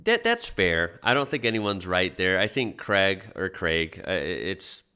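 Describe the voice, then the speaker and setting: Low-voiced easygoing man reacting on camera. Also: very animated, unhurried, bright, forceful tone, slight background noise. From United States. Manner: easygoing, chatty, many fillers. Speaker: reaction video host. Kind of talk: casual reaction commentary.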